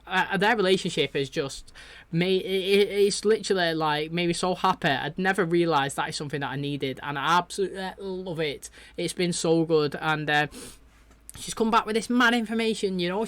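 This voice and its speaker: Excitable man chatting in a dry room. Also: a little high, no room sound. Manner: rambling and excitable, lots of fillers and "you know". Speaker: reaction video host. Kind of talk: casual chat reacting to a TV episode.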